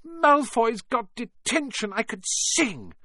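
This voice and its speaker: A man voicing a brisk, clever young schoolgirl. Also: high-pitched, wildly swooping pitch, dry recording, clean studio sound, pitched above the performer's own voice. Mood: gleeful.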